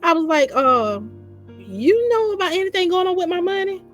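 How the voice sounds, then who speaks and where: Animated woman telling her story. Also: extremely high pitch, normal speed, faint music behind. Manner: animated, repeats phrases, quotes herself in dialogue. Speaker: guest recounting her own story. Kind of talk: casual storytelling.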